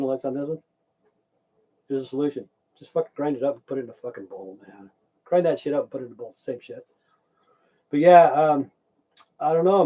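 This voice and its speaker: A man's voice: a little high, mellow, poor audio. A man ranting casually on his livestream, rambling and swearing a lot and chatting back to viewers. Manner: rambling, profane, keeps saying "okay"; chats back to viewers in the stream chat. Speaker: livestream host.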